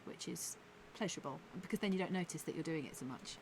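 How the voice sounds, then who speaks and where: Chatty low-voiced woman. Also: quick pace, a little hiss or hum. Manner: candid and chatty, lots of fillers. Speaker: forest school leader and co-host. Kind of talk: casual podcast chat.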